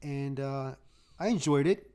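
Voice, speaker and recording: A man's voice: mid-range voice, a little slow, a little mellow, smooth. Rambling joking man. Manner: rambling, joking, restarts a lot. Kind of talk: casual chat.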